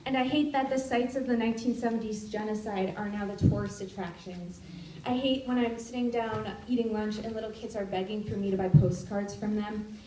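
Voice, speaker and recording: Young woman, live stage storyteller, fairly high voice, roomy distant sound, faint background hum. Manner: animated, shouting out quoted lines. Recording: roomy live recording from far off.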